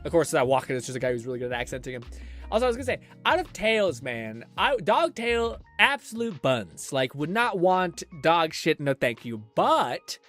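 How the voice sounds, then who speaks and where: A man's voice: fairly high pitch, big pitch swings, normal speed, a bit bright, faint music behind. A young man streamer giving casual, rambling reaction commentary, laughing and swearing often.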